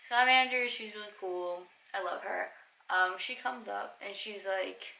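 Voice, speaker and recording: A woman's voice: mid-range voice, steady tone, measured pace, vocal fry, pushed and bright, roomy sound, rough recording. A woman in her twenties telling stories to camera in a casual, chatty way, swearing freely. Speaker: vlogger. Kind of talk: casual storytime.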